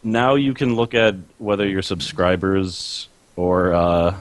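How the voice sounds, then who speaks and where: This is a man with a very low, deep voice, chatting casually on a podcast. He rambles and fills his talk with "like". His voice sounds close and dry. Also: slow, no room sound. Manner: rambling, laughs mid-sentence, many "like" fillers. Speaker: podcast co-host and video creator.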